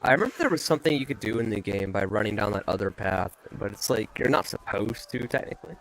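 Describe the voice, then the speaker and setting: A man giving live commentary on a game he is streaming, frustrated and ranting in quick bursts. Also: lowish voice, animated, creaky, slight background noise.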